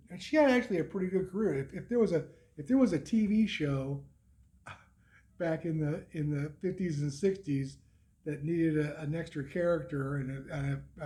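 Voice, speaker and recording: Middle-aged male vlogger, slightly high voice with a soft, mellow tone, loose and rambling, lots of restarts and little chuckles. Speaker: motorcycle vlogger. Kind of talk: casual spoken recap.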